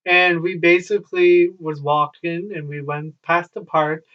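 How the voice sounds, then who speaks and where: A man's voice: a little high, little pitch movement, measured pace. A young man telling casual stories at home, rambling along with wry asides and plenty of swearing. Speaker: vlogger. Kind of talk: casual storytelling. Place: at home, child nearby. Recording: dull lo-fi, from a distance.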